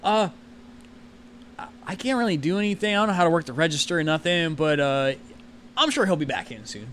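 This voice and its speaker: A man voicing a timid young kid at a pizza shop who talks hesitantly and quickly. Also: on the high side, sing-song, fairly bright tone, slight background noise. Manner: hesitant, mumbling.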